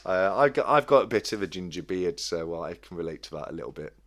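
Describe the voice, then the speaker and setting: A man hosting a casual live-stream chat, reading out viewer comments in a friendly, halting way with many restarts. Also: deep voice, lively intonation, fairly bright tone. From United Kingdom. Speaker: livestream host.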